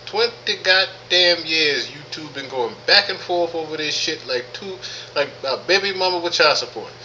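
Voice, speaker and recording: A man's voice: a little high, expressive, normal speed, bright, forceful tone, slight background noise, low-quality recording. A man hosting a live podcast stream, talking casually with lots of profanity, repeating himself and greeting chat viewers by name. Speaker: podcast host.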